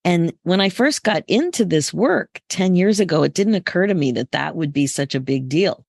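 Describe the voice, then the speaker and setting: A woman's voice: lowish voice, animated, moderate pace, creaky, a little mellow, no room sound. A woman hosts the conversation with friendly, encouraging questions. She speaks casually, and the recording is dry and close. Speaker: podcast host, midlife coach. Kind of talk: casual interview hosting.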